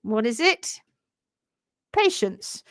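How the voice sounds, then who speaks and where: A woman's voice: on the high side, sing-song, very slow, fairly bright tone, no echo, studio quality. Chatty woman on a livestream. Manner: chatty, reads out viewer greetings. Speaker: livestream host and hoof care educator. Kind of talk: casual livestream talk.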